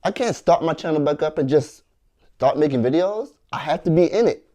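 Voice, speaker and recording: A man's voice: on the high side, lively intonation, fairly quick, mellow. A man earnestly recounting arguments with his wife over his hobby and his work. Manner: aggrieved, earnest, retelling arguments. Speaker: content creator and street performer. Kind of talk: storytelling to camera.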